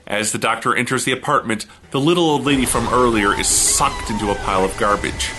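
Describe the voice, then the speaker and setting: A man hosting a comedy review show, giving a snarky, deadpan recap narration. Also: medium pitch, a little fast, noisy background.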